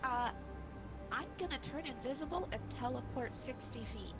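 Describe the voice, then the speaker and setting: A woman's voice: high voice, expressive, moderate pace, over loud music, low-quality recording. A woman playing a tabletop game, reading out her rules hesitantly. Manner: reads rules aloud hesitantly. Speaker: player. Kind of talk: casual tabletop play.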